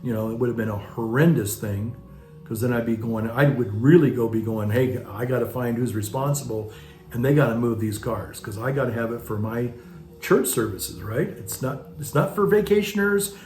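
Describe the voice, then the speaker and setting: A man's voice: medium pitch, normal speed, a little mellow. A man, a parish priest, telling stories in a casual, rambling way with many restarts and asides. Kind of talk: casual reflective monologue. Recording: roomy echo with faint music.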